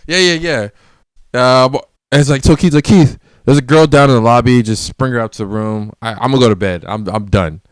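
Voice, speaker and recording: A man's voice: medium pitch, a little fast, clean tone, no room sound, studio quality. A man telling a party story in casual chat, acting out quotes and laughing often. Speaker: guest.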